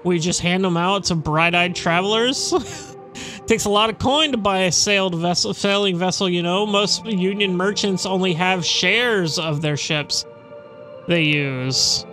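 A man's voice: sits high, measured pace, pushed and bright, faint music behind. A man voicing a weary harbor guild clerk woman. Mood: wry. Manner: wry, weary grumbling. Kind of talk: reading game dialogue aloud.

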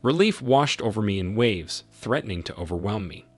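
A man reading a scripted first-person story in a plain, even way. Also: on the low side, normal speed, husky, soft background music. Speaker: narrator.

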